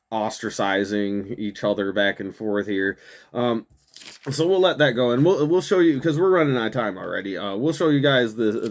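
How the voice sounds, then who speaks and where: A young man hosting a show, ranting profanely through political commentary with frequent laughs and mockery. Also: medium pitch. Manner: profane, laughs often, mocking. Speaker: show host.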